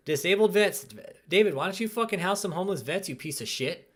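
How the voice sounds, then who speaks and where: A man's voice: high-pitched, lively intonation, a little fast. Angry, swearing man ranting as host. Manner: angry, profane, repeats "dude" and "man". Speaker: channel host. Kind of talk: ranting live commentary.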